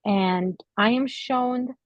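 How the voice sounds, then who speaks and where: A woman giving a psychic reading to an audience member, speaking gently and hesitantly with many pauses and fillers, and getting emotional. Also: on the high side, no room sound, highs cut off. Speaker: psychic medium.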